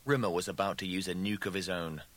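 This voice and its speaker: A man narrating an audiobook in a deliberate, dramatic storytelling style. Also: sits low, steady tone, fairly bright tone.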